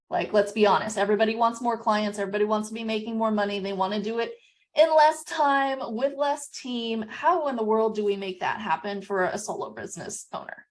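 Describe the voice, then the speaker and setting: A woman's voice: mid-range voice, fairly quick. A woman hosting a podcast who talks conversationally and tags her points with "you know" and "right?". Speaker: podcast host.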